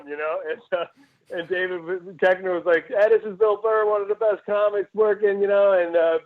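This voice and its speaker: A man from Cleveland, a comedian telling rambling stories in a casual interview, laughing often and restarting his sentences. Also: on the high side. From Cleveland, Ohio, USA. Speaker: comedian guest. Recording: tinny phone-like line.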